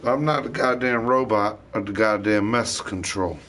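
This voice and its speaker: A man's voice: fairly low pitch, moderate pace, fairly bright tone. A man talking alone in a rambling vlog monologue, swearing often and drifting between thoughts. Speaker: vlogger.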